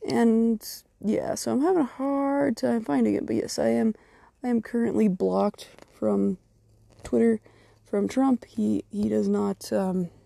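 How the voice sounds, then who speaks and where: Gravelly, husky woman ranting angrily. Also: on the high side, fairly even intonation, unhurried, dark tone, no echo. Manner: angry and profane, swearing heavily; blunt, speaks directly to her critics. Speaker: podcast host. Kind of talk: solo opinion rant.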